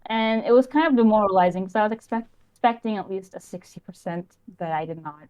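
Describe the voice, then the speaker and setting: A young woman phones into a talk show and speaks in a halting, unsure way. Her voice sits at a middle pitch, and her sentences keep restarting and trailing off. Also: darkish tone, clear, resonant tone, rough recording. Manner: hesitant, halting, trails off often. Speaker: caller. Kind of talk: casual call-in chat. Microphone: voice call.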